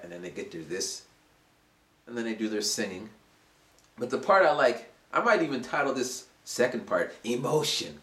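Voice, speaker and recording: An American English teacher of about forty tells a rambling story for his vlog in a casual way. He's animated and acts out voices in a high pitch, and the recording has a roomy echo.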